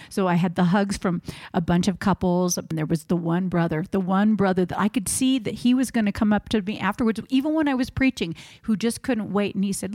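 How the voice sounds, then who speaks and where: A middle-aged woman preacher in casual conversation, telling lively stories and acting out the exchanges she quotes. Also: on the low side, brisk, no echo. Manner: animated storyteller, acts out quoted exchanges. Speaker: preacher and podcast co-host.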